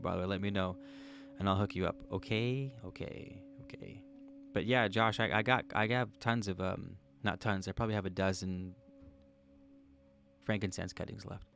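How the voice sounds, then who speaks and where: A man's voice: on the low side, fairly bright tone. A man hosting a livestream, chatting casually and jokingly as he reads out viewer comments. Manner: laid-back, joking, thinking aloud. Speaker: livestream host.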